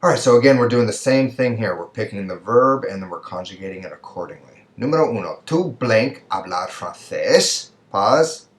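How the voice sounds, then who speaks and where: Low-voiced man teaching in a roomy echo. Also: lively intonation, normal speed, hardly any pauses. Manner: patient, repeats answers with frequent "right?" and "okay?". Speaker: college Spanish instructor. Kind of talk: screen-recorded lecture walking through exercises.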